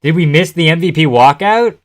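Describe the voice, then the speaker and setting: A man's voice: on the high side, lively intonation, fairly quick. A young man live-streaming casual commentary, laughing often, swearing and answering his chat as he talks.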